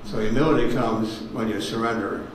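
A man in his eighties giving a personal testimony sermon, halting and repeating words as he tells stories. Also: fairly low pitch, steady tone. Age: 80s. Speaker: guest speaker giving testimony. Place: ministry meeting room with audience. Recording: very echoey hall, distant mic, faint noise.

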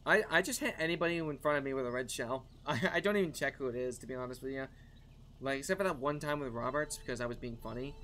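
A man streaming a racing game live, chatting with his viewers in an excitable, talkative way and laughing often. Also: mid-range voice, fast, slight background noise. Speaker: gaming streamer. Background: faint background music.

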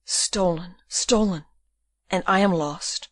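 A woman's voice: fairly low pitch, takes it slowly, no echo. A woman voicing a desperate young male prisoner in an audiobook, pleading and raging by turns. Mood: stunned.

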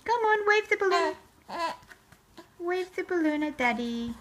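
A woman's voice: extremely high pitch, animated, unhurried, fairly bright tone, a little hiss or hum, poor audio. A mother talking to her baby in cooing, playful baby talk in a home video.

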